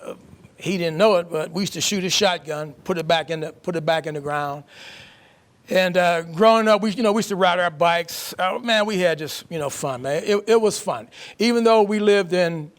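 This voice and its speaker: A man's voice: high voice, normal speed. An older man from Pennsylvania, a guest author in a casual interview, folksy and repeating himself. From Pennsylvania, USA.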